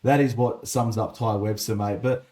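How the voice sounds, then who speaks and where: A man's voice: lowish voice, steady tone, moderate pace, mellow. A man hosting a sports interview, chatty and friendly, calling his guest "mate". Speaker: podcast host, interviewer.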